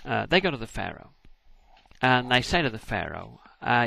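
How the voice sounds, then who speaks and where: Animated man telling a comic story. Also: mid-range voice, moderate pace, vocal fry, no echo. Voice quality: rambling, conversational. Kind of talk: comic retelling with voices.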